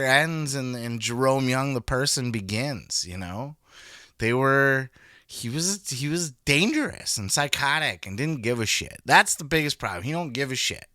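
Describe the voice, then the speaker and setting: Bright-voiced swearing podcast host, dry sound. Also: male voice, medium pitch, no room sound. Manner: blunt, swears constantly, animated reactions. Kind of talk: profane casual commentary. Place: indoors, sirens passing outside.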